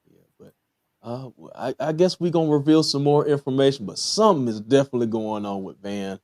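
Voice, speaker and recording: A man's voice: medium pitch, fairly quick, darkish tone, dry recording, clean studio sound. A man with a Southern US accent, casually hosting a TV episode review, talking in a laid-back way with many fillers and chuckling at his own jokes. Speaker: podcast host reviewing a TV episode.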